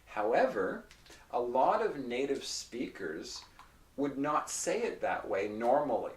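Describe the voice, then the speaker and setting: Slow, lively-voiced teacher, roomy sound. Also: male voice, mid-range voice. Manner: explains patiently, repeats example phrases slowly. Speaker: English pronunciation teacher. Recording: roomy echo, mic at a distance.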